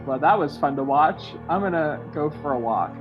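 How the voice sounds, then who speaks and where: A man's voice: fairly high pitch, animated, moderate pace, lo-fi sound, over music, natural voice. A man voicing a heartbroken cartoon pony mare in a goofy, offhand way during a comedy podcast.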